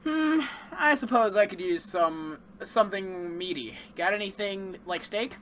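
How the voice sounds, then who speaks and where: A player speaks slowly and easily while playing a tabletop game, in a relaxed, joking manner. The voice is bright and edgy in tone. Faint background noise is present. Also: mid-range voice, rough recording.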